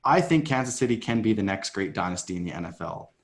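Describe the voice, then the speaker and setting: A man's voice: low-pitched, animated, fast talker, creaky. A man hosting a sports podcast, posing long questions to his co-hosts in a casual way. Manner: leads the talk, poses long questions to co-hosts. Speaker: podcast host.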